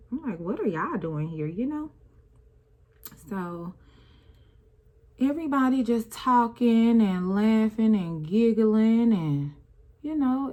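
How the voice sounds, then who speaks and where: A woman's voice: mid-range voice, warm tone. A young woman talking through an emotional personal story while doing her makeup, with a casual, rambling, conversational delivery and speech. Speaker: vlogger.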